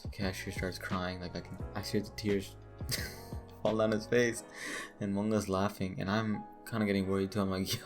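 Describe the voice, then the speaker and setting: A man's voice: deep voice, level tone, moderate pace, faint music behind. A man telling a crude, joking story in a casual, rambling way, full of asides. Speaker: storytime vlogger.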